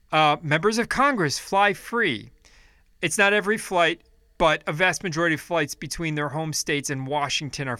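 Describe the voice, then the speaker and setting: A man's voice: fairly high pitch, sharp tone, clean tone, dry recording, clean studio sound. A man hosting a podcast, reading news aloud and breaking into angry, profanity-laden rants. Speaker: podcast host. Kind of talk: ranting political podcast.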